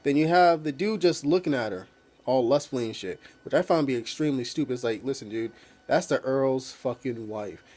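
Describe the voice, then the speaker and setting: A man's voice: mid-range voice, brisk, a little mellow. A man casually recapping a TV episode as a reviewer, rambling with many fillers and swearing freely.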